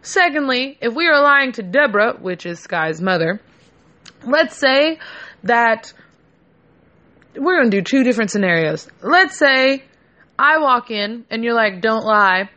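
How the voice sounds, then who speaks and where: A woman's voice: on the high side, very animated, unhurried, pauses often, pushed and bright, dull audio. A young woman telling a story in casual chat, brash and profane, acting out the voices of her friends.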